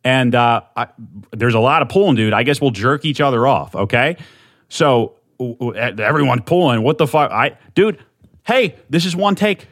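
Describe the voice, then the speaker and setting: Young guy ranting into a desk mic, super animated pitch, dry close sound, swears a lot and keeps restarting. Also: normal speed, no echo. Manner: amped, swearing, rambling with restarts. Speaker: podcast host. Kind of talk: solo podcast monologue.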